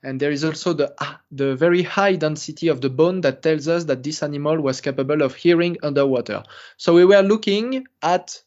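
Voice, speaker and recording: A man's voice: a little high, a little fast, a little mellow, dull audio. A man from France with a French accent, giving a recorded lecture with careful, apologetic phrasing and many fillers. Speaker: paleontology lecturer.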